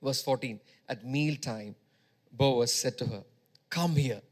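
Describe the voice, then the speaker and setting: A man preaching a sermon, repeating phrases for emphasis and swinging between loud exhortation and quieter teaching. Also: medium pitch, a little slow.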